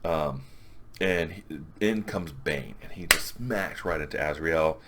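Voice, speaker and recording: Male comic reviewer with a low voice, loose and rambling, recaps the plot casually. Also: unhurried, background noise. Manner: rambling, restarts and quotes characters in passing.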